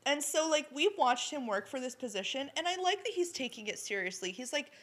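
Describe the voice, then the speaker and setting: Bright-voiced woman gossiping casually. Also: sits high, fairly quick. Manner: animated, swearing, acts out quotes. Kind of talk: casual gossip chat about a reality show.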